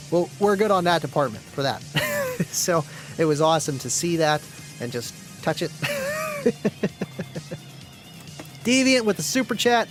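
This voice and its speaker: A man hosting a casual live stream, chatting in a rambling, friendly way, reading viewer comments aloud and often clearing his throat. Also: high-pitched, poor audio.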